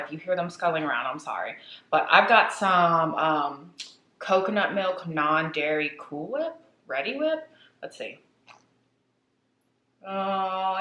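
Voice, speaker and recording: A woman's voice: fairly low pitch, reverberant, low-quality recording. A woman vlogger who eats on camera while she chats her way through a spooky story. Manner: chatty, animated retelling. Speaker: vlogger telling a horror story. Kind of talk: casual storytelling while eating.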